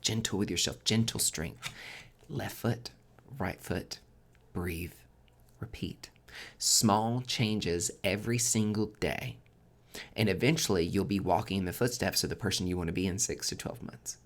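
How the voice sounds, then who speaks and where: A man hosting a casual tarot forecast, chatty and expressive, swearing freely and swinging between loud emphasis and soft near-whispers. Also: deep voice, moderate pace. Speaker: tarot reader and podcast host.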